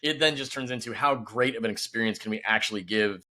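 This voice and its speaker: Quick, bright-voiced man in conversation. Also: fairly low pitch. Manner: quick, upbeat, peppered with "you know". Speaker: guest, company founder. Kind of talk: casual podcast interview.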